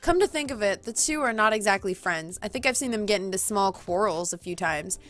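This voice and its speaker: A woman reading a visual novel aloud as a let's play host, reacting loudly and laughing along. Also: medium pitch, animated, a little fast, soft background music.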